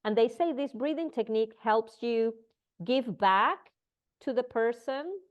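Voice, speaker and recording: A woman who does not speak natively, teaching a breathwork class and telling a story with acted-out dialogue and halting restarts. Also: a little high, expressive, dull audio.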